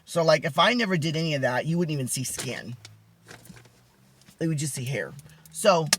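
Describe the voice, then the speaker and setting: A man vlogging, telling a personal story casually with many fillers, restarts and dramatic pitch swings. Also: expressive, normal speed, noisy background.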